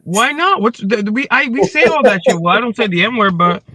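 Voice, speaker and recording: A man co-hosting a casual live stream, blunt and profane, quick to push back. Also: high voice, expressive, bright, forceful tone, dry recording. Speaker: co-host.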